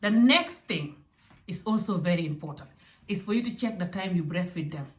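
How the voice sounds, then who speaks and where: Animated woman with a roomy echo. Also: fairly low pitch, moderate pace. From Africa. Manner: animated and direct, with acted asides. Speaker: parenting vlogger. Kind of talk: casual advice talk. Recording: echoey room.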